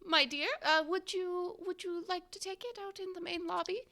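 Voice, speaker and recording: Woman doing high, quavering old landlady, doting, says "dear" a lot. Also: steady tone, normal speed, gravelly, sharp tone, exaggerated voice. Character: older landlady, fussy but kindly.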